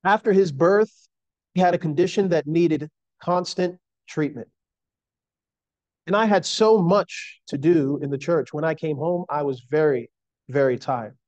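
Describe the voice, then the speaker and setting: Male preacher, middle-aged, earnest and emphatic, slightly high, dry sound. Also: a little mellow, no room sound, lo-fi sound. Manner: earnest, slow emphatic delivery. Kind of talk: sermon.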